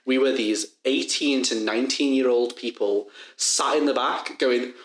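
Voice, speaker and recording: A young man with a Liverpool accent telling a story in casual podcast chat, animated and swearing freely. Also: mid-range voice, measured pace. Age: young adult. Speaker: podcast co-host. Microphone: badly placed mic. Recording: echoey room.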